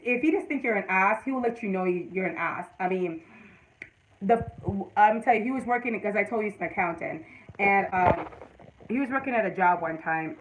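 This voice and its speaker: A woman's voice: medium pitch, poor audio. A woman from Jamaica with a Jamaican accent, casually chatting to viewers on her livestream and telling stories in a rambling, emphatic way. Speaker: livestream host.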